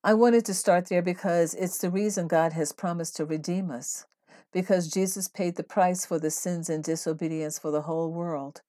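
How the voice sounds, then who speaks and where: A woman hosting a devotional podcast, teaching in an earnest, steady way and reading scripture aloud. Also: lowish voice, normal speed. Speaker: podcast host.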